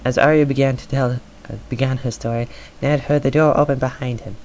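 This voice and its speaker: A man's voice: mid-range voice, steady tone, brisk, darkish tone, slight background noise, rough recording. A man doing an amateur audiobook reading, stumbling over words and filling gaps with "uh". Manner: stumbling, filler-heavy reading. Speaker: reader.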